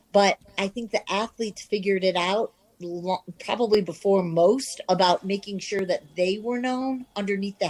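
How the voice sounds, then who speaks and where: A woman in her fifties from the American Midwest, a sports reporter telling her career stories in an interview, animated and self-deprecating. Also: mid-range voice, low-quality recording. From Midwest of the United States. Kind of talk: candid conversational storytelling.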